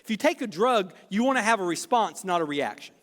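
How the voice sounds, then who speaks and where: A man's voice: high voice, lively intonation, a little fast, a bit bright. A middle-aged man, a pastor preaching a sermon, telling stories with self-deprecating humor and acting out dialogue. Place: church sanctuary. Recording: reverberant church hall.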